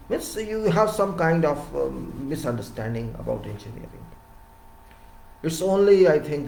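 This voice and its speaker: A man with an Indian English accent giving a lecture-style talk on civil engineering, emphatic and repeating words, his voice rising loud and dropping soft. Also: fairly high pitch, vocal fry, reverberant, rough recording.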